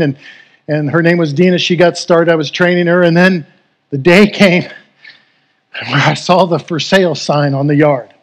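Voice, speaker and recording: A middle-aged man preaching a sermon as pastor, earnest and emotional, telling a personal story and leading prayer. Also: sits high. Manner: earnest, emotional, rising to fervent.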